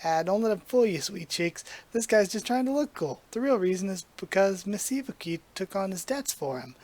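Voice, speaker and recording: A talking umbrella struts through its lines as a gruff old-movie tough guy, put on by a reader. Its voice sits higher and louder than plain speech, full of brash, folksy wisecracks. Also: expressive, normal speed, close to an everyday voice. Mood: wisecracking. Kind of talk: reading comic dialogue aloud.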